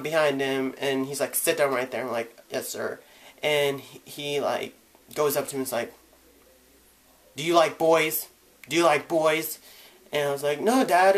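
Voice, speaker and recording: Recounting his coming-out in a vlog, a young man sounds a bit bright and talks openly and informally. He mimics the people he quotes, jumping suddenly in pitch and volume.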